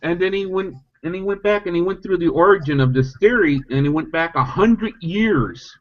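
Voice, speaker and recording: A man chatting casually on an online podcast, animated and mocking, often restarting sentences. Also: moderate pace. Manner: animated, mocks opponents in high squeaky voices. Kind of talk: casual chat. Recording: lo-fi online call audio.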